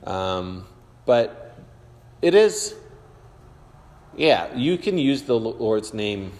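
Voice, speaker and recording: A man's voice: fairly low pitch, big pitch swings, extremely slow, a little mellow. A man leading an informal Bible class, chatty and rambling with lots of fillers. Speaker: church teacher. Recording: reverberant hall.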